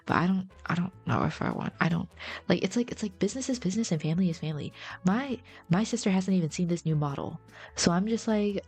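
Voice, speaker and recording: A woman's voice: low-pitched, fast talker, soft background music. A young woman streamer chatting casually to her viewers in a playful, rambling way.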